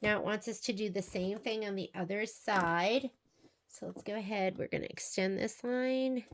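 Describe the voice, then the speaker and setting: At a moderate pace and in a mid-range voice, a sewing instructor gives a quilting tutorial. She chats through each step aloud, thinking as she goes.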